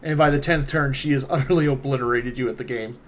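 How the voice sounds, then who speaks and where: A man narrating a tabletop role-playing game as game master, unhurried and hesitant with fillers. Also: mid-range voice, steady tone, slight background noise.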